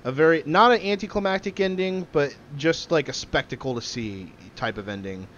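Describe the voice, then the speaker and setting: A man's voice: fairly high pitch, moderate pace, a bit bright. Stammering man on a dull lo-fi mic. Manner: stammering restarts, emphatic opinions. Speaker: podcast co-host. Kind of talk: casual chat. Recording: dull lo-fi sound with faint noise.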